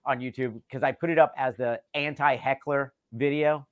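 A comedian from North Carolina and Delaware telling stories in a casual chat and acting out the dialogue. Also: male voice, mid-range voice, normal speed, no room sound, studio quality. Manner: animated, acts out quoted dialogue. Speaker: stand-up comedian guest.

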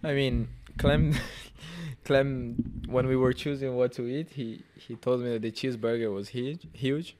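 A man's voice: mid-range voice, measured pace, few pauses, noisy background. A young man with a Brazilian accent, a Portuguese speaker, chatting casually as a podcast guest and filling gaps with "you know". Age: young adult. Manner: relaxed, leans on "you know" fillers. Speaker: podcast guest, racing driver. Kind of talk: casual chat.

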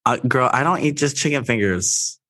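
Man, podcast co-host, sassy, playful, bright tone, dry close sound. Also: medium pitch, normal speed, no room sound. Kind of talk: casual gossip chat.

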